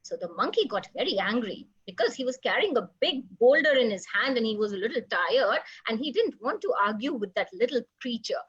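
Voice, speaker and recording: Animated woman telling a children's story. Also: on the high side, brisk, few pauses, husky, highs cut off. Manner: animated, asks the children questions.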